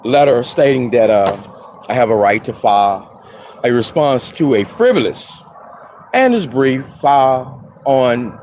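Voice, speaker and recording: A man making an impassioned spoken statement. He halts and restarts often, then rises into loud outbursts. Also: mid-range voice, a little hiss or hum. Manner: halting, with many restarts and fillers. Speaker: self-represented litigant.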